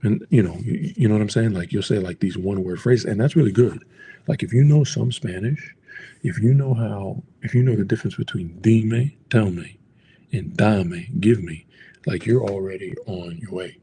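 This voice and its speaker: A man's voice: fairly low pitch, moderate pace, dark tone, a little hiss or hum. A man from the United States talking casually, teaching travel Spanish phrases and rambling with lots of fillers. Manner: rambling, lots of "like" and "you know". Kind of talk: casual talk to camera.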